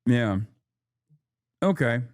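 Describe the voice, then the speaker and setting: A man's voice: mid-range voice, sing-song, drawn-out words, a little mellow, dry recording, clean studio sound. A man hosting a casual reaction stream, talking in a sarcastic, joking way. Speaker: streamer host.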